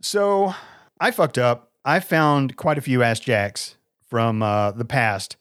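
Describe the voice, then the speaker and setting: A man's voice: mid-range voice, slow, a bit bright, smooth, no room sound, studio quality. A middle-aged man co-hosting a casual podcast with his son, rambling and tripping over repeated words. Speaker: podcast co-host, father. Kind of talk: casual chat.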